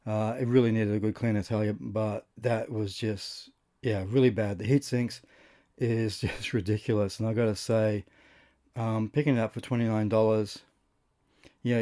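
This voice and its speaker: A man's voice: on the low side, dark tone. An Australian man casually narrating his restoration of an old game console, chatty and rambling, with lots of fillers and restarts. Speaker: host of a retro console restoration channel.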